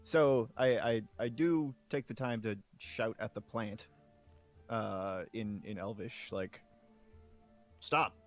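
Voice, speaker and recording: A man's voice: fairly low pitch, steady tone, takes it slowly, darkish tone, faint music behind. A man playing a tabletop game, hesitant and asking questions. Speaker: player. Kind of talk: casual tabletop play.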